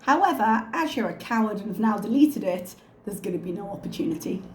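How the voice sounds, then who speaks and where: A woman at mid pitch, delivering sarcastic, critical commentary as she reacts to a clip. Her voice carries a clear room echo. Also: animated, a little fast. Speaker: reaction channel host. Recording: echoey room.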